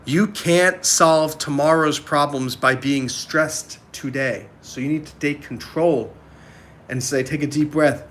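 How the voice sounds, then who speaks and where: Man in his forties, somewhat high voice, earnest motivational livestream, clears throat often. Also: takes it slowly, a bit bright, a little hiss or hum. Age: 40s. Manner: earnest, reads and answers chat. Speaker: livestream host.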